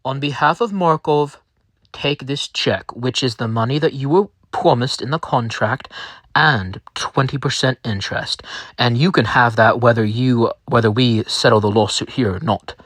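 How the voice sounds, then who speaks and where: A man's voice: medium pitch, normal speed, a bit bright, dry recording, lightly acted. A man voicing a sheepish, rambling male company boss who stammers and apologizes. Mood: flustered.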